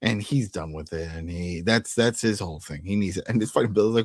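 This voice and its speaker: A man co-hosting a casual TV recap show, jokey and animated, often acting out what the characters said. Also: deep voice, fast, few pauses, no echo, clean studio sound. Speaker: podcast co-host.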